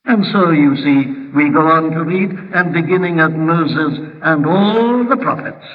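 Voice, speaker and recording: Impassioned preacher in a distant echoing hall. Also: male voice, on the high side, unhurried, hardly any pauses. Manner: rhetorical questions, emphatic build-ups. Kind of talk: sermon. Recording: distant phone-like hall recording.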